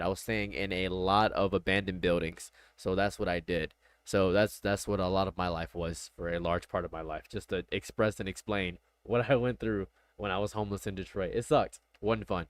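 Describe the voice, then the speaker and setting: A man's voice: on the low side, no echo. A man streaming casual reaction commentary, blunt and rambling, often repeating himself.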